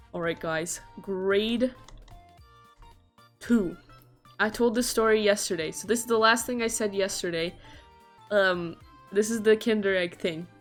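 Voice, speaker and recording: A young woman streamer telling a childhood story on stream, acting out the voices with gasps and loud jumps. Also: medium pitch.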